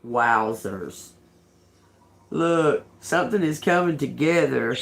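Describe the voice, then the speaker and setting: A woman tarot reader talks straight to her viewers in a loose, unscripted way. She swears freely, laughs often and tells her story with lively, animated energy. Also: extremely low pitch, takes it slowly, creaky. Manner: addresses viewers as y'all. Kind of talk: casual tarot reading to camera.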